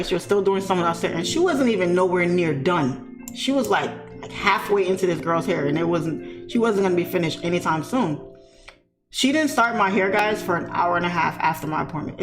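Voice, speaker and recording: Animated woman telling a story. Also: fairly low pitch. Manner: animated, talks straight to viewers. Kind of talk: casual storytime chat. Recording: echoey room with faint music.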